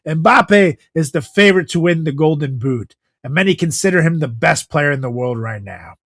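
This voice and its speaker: A man's voice: fairly high pitch, expressive, normal speed, a bit bright, no room sound. Brash joking man, dry close mic. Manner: brash, profane, jokey. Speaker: podcast co-host. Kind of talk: casual chat.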